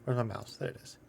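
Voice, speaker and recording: Laid-back man running a tabletop game. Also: fairly bright tone. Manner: casual, hesitant narration with fillers. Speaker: game master. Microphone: desk microphone.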